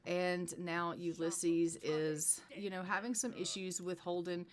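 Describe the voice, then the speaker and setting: A woman casually commenting on her life-sim gameplay, chatty and full of "you know" fillers, in a fairly low voice. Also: steady tone, unhurried. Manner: chatty, many "you know" fillers, narrates what characters do. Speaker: gameplay streamer.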